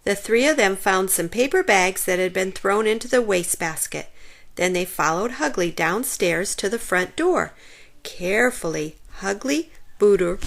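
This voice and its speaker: A woman reading a children's storybook aloud in an expressive, animated way. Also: medium pitch, vocal fry.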